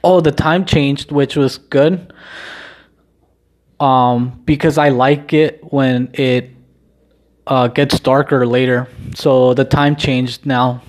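A young adult man talking in a casual rambling vlog, halting and restarting often with many ums, swearing casually in a subdued, self-deprecating way. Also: medium pitch, fairly even intonation. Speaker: vlogger.

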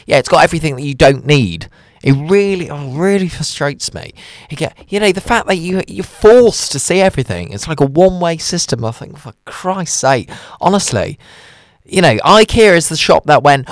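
Male radio host, chatty and self-mocking, very lively pitch. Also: moderate pace, no echo. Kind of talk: casual radio chat.

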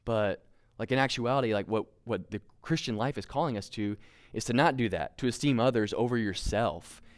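A man's voice: medium pitch, brisk. A young man giving a casual sermon, conversational and self-deprecating, with lots of fillers and restarts. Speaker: preacher.

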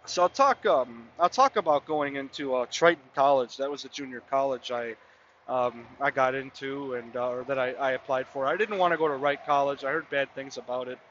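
A man's voice: medium pitch, brisk, a bit bright, dull audio, slight background noise. A man in his mid-twenties hosting a podcast, telling a casual, rambling story full of "I mean" and "you know". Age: mid-20s. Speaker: podcast host.

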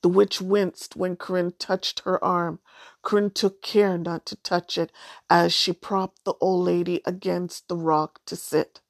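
A woman reads a children's storybook aloud at a slow, measured pace. Her voice sits fairly low, and the recording is dry and close with no room sound. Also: gravelly, no echo. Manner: measured, even reading. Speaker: audiobook narrator. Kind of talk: storybook narration.

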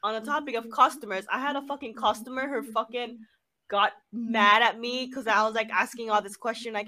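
Young woman, casual chat, bright tone, dry close sound, fast swearing storyteller. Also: on the high side, no room sound. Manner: animated storytelling, frequent swearing and "like". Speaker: cashier.

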